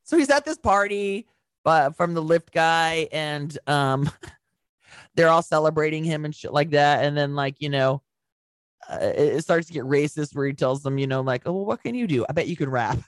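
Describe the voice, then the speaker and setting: A woman's voice: low voice, moderate pace, dry recording. A young woman co-hosting a podcast, casually recapping a film in a rambling, swearing, laughing way. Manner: rambling storyteller, swears a lot, laughs often. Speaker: podcast co-host. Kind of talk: casual movie recap chat.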